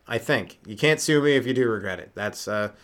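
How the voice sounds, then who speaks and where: A stand-up comedian hosts his solo comedy podcast in a lowish, fairly bright voice, speaking expressively and fairly quickly. Running on no sleep, he rambles and riffs, packing in fillers and sudden jumps in his voice.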